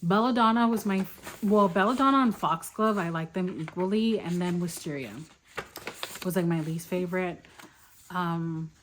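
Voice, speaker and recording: A woman's voice: fairly low pitch, moderate pace, slight background noise. Young woman, casual book vlog chat, gushing, easily delighted. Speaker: book vlogger.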